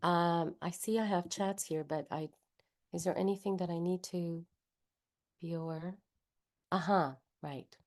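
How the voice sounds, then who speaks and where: Leading a voice workshop online via video call, a woman with a Spanish accent speaks in a slightly low, steady voice at a measured pace with long pauses. She explains each point patiently, voicing consonants and vowels aloud as she goes.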